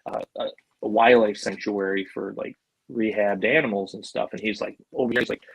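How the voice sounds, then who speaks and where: A middle-aged man from Buffalo spinning stories as a podcast guest. His voice sits fairly low and sounds dry and close, with almost no room sound. He rambles in a loose, chatty way, with plenty of fillers and casual swearing. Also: fairly even intonation, a little fast, vocal fry, slightly rough, dry recording, poor audio. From Buffalo, New York, USA. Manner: loose and chatty, full of "like" and "you know", swears freely. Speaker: podcast guest, animal handler. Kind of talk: casual storytelling.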